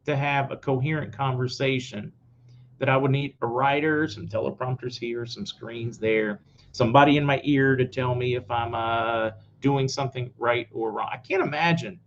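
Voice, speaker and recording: Opinionated guy doing his own news commentary, blunt, mid-pitched, kinda dull lo-fi sound. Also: a bit bright, a little hiss or hum. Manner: blunt, opinionated, talks straight to viewers. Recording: slightly dull lo-fi audio.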